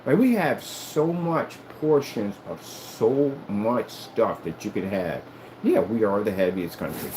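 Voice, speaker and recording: A man's voice: on the low side, expressive, measured pace, noisy background. A man chatting casually to camera in an emphatic, rambling way, often repeating himself. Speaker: vlogger.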